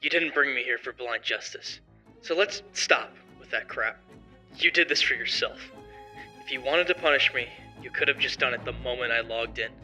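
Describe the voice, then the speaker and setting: A man's voice: mid-range voice, normal speed, bright, forceful tone, faint music behind. A young man voicing an arrogant male motivational streamer who speaks in a sarcastic, defiant, confrontational way in an amateur story drama.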